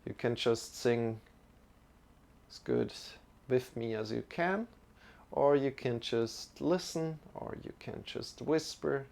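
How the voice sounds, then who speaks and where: A man teaching a live-streamed yoga class, talking in an unhurried, reflective way and greeting viewers by name, with slightly non-native phrasing. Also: medium pitch, creaky, darkish tone.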